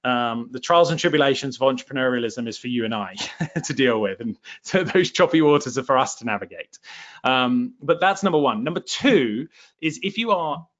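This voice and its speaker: A man's voice: mid-range voice, animated, normal speed, fairly bright tone. Chatty southern English man, lo-fi. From England. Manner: chatty, self-deprecating, many fillers. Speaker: online course host. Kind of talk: live webinar Q&A.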